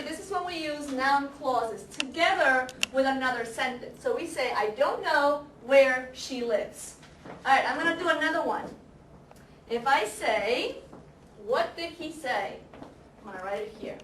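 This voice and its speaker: A woman teaching an English grammar class, speaking slowly and deliberately, repeating example sentences and quizzing her students. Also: sits high, a bit bright. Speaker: ESL teacher. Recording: echoey classroom, camera far off, faint noise.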